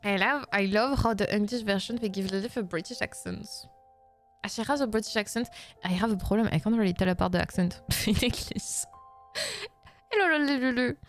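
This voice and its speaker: A young woman streamer, reading game lines aloud and reacting excitedly while thanking her chat. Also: medium pitch, a little fast, soft background music.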